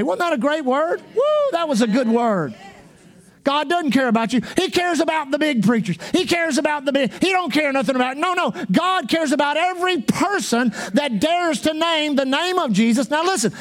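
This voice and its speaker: Fervent high-voiced male pastor preaching. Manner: fervent, repetitive preaching, bursts of shouting. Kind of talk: sermon.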